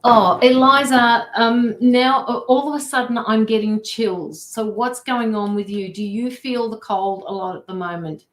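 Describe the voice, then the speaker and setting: A woman giving a live-streamed tarot reading over a video call, relaying messages with many pauses and fillers. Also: on the high side, steady tone, rough recording. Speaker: tarot card reader.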